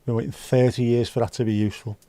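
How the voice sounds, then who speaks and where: A man's voice: medium pitch, little pitch movement, fast, mellow, no echo. A man hosting a livestream, chatting casually and reading out viewer comments with rambling, dry joking asides. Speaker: livestream host.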